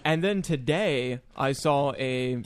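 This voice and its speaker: A man's voice: medium pitch, takes it slowly. A man co-hosting a casual sports talk show, ranting with indignation. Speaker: co-host. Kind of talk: casual sports chat opinion segment.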